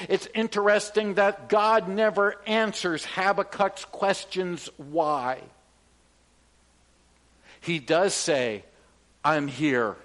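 A man from Canada preaches a sermon in a high, unhurried voice. He leans on each phrase and has the congregation repeat lines after him. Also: a bit bright. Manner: slow, emphatic preaching with call-and-response. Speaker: pastor.

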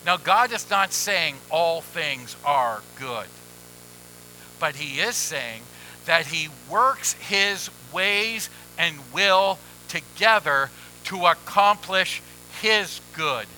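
Man, pastor, sermon, high voice, slow deliberate delivery, emphatic pauses. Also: very animated, bright, forceful tone, slight background noise, rough recording. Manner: measured preaching with emphatic pauses.

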